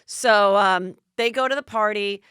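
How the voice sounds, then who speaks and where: Sarcastic chatty woman recapping tv gossip, swears a lot, bright clear tone. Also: medium pitch, measured pace, dry recording, clean studio sound. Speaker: podcast host.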